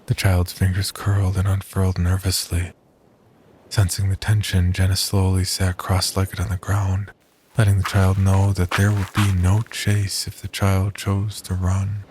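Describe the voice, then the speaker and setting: A man narrating a horror story in a measured, scripted storytelling manner. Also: sits low, completely flat delivery, a little mellow, breathy edge.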